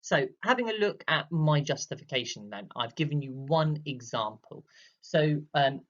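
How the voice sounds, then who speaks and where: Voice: mid-range voice, lively intonation, moderate pace, a bit bright, dull audio. A British drama teacher talking a class step by step through an exam question in a recorded lesson, checking in with "okay?" as they go.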